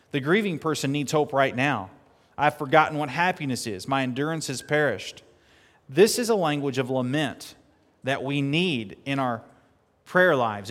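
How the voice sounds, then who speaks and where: A man preaching a sermon earnestly, at times building to emphatic, louder peaks. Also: medium pitch. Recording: long hall reverb.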